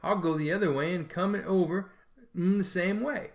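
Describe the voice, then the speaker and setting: An eager, bragging young schoolboy, as a male reader plays him, with a slightly raised voice. He wheedles and boasts in a lively storybook reading. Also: sits high, moderate pace, pitched above the performer's own voice.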